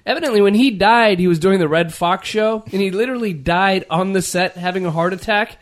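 A man's voice: high-pitched, brisk. A man co-hosting a casual podcast chat, riffing jokes and telling stories at a studio microphone. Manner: jokey, riffing, animated storyteller. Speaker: podcast co-host.

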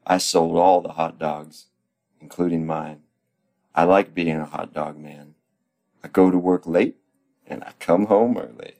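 A man voicing a cheerful hot dog seller with crude, deadpan jokes. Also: low-pitched, unhurried, pauses often.

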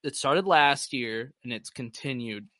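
A man's voice: medium pitch, measured pace, pushed and bright, no room sound, studio quality. A man co-hosting a podcast in casual chat, laid back, reading out listener questions and steering the talk. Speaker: podcast co-host.

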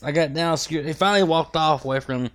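A man, a podcast guest telling a hunting story in a lively, profane way and acting out the scenes. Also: on the high side, quick pace. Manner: animated, profane, acts out scenes. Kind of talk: casual storytelling chat.

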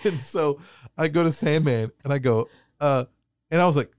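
A man telling a story on a podcast in a casual, animated way, laughing and acting out the voices of people in his anecdotes. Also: fairly high pitch, normal speed, clean tone, no room sound, clean studio sound. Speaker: wrestling referee telling a story.

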